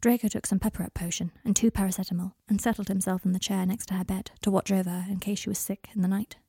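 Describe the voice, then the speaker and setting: Audiobook narrator: woman, half-whispered and husky, dry close recording. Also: medium pitch, level tone, quick pace, warm tone, dry recording. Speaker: story reader.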